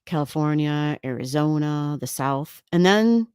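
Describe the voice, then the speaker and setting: A woman hosts an astrology livestream in casual, rambling chat, greeting viewers and reading comments, laughing often and swearing lightly. Her low-pitched voice is animated, a little slow, a little mellow, and clear with a resonant tone. It's a dry recording with clean studio sound.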